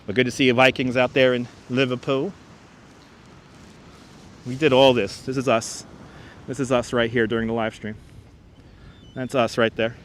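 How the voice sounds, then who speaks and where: A man's voice: medium pitch, flat delivery, normal speed, long pauses, slight background noise. A man live-streaming outdoors on a frozen beach, chatting casually and greeting viewers by name on a wireless lapel mic. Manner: chatty, greets viewers and reads chat names aloud. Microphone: wireless lapel mic, phone on gimbal.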